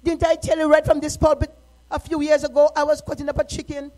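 A middle-aged woman minister delivering a fervent sermon in a strikingly high voice. She drops to near-quiet personal reflection, then rises to impassioned shouting from the pulpit. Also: flat delivery, fast, rough recording.

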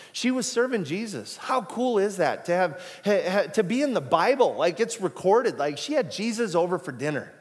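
Animated, joking male pastor preaching. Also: fairly high pitch, long reverb tail. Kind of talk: sermon. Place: church sanctuary.

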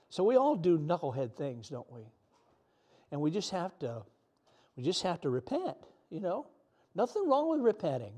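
A man's voice: on the high side, big pitch swings, moderate pace, dark tone. A middle-aged man preaching a sermon in an earnest, emotional way, sometimes close to tears.

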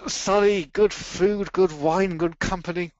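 A man's voice: high voice, steady tone, measured pace, darkish tone, no echo, dull audio. A man from England, a guest illustrator chatting casually with dry, wry humor. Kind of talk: casual chat.

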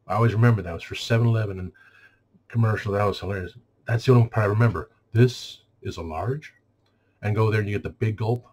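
Ranting sarcastically about the shoppers he deals with, a store clerk mimics them in mock voices. His voice is on the low side and a bit mellow, with fairly even intonation and a rapid-fire delivery.

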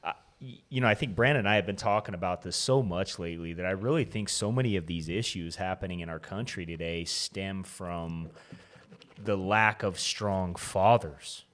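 A man with a fairly low voice co-hosts a podcast. He speaks earnestly and affirmingly, building on what his guest says. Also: normal speed, a bit bright. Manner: earnest, affirming, asks follow-up questions. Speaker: podcast co-host. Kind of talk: casual conversation.

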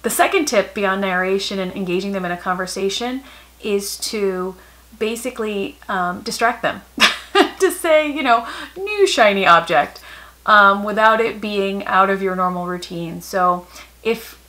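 Bright-voiced mother giving calm parenting advice. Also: medium pitch, normal speed, rough recording. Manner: warm, calm and matter-of-fact, softening for quoted lines to children. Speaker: parenting vlogger. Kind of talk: casual advice talk to camera.

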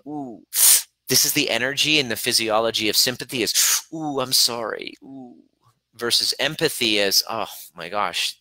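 A man's voice: lowish voice, bright, forceful tone, no echo, rough recording. A man hosting a Q&A as a trauma coach, talking casually and earnestly and acting out little quoted voices as he teaches.

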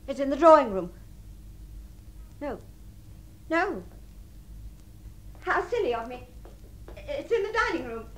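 An actress in a radio drama playing a refined, lonely woman who imagines she is about to marry, her voice moving between breathy tenderness and giddy excitement. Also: high-pitched, takes it slowly, long pauses, a little hiss or hum, heavily acted. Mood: confused, insistent. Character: deluded lonely upper-class spinster dreaming of marriage. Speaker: the Princess.

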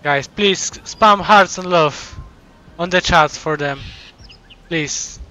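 A man streaming live, his voice high and bright as he stumbles over his words. He is close to tears, slow and halting, repeating himself again and again. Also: dull audio. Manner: stammering, overwhelmed, repeats himself. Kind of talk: live stream chat, thanking donors.

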